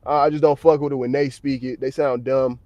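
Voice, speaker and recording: A man's voice: mid-range voice, flat delivery, a little fast, no room sound, muffled recording. An American man livestreaming from his parked car at work, chatting casually in a blunt, slang-heavy, profane way. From United States.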